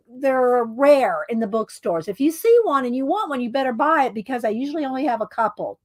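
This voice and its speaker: With no room sound at all, a craft vlogger chats loosely while displaying her supplies. She's a middle-aged woman with a slightly mellow, higher-pitched voice, wandering through asides and filler words.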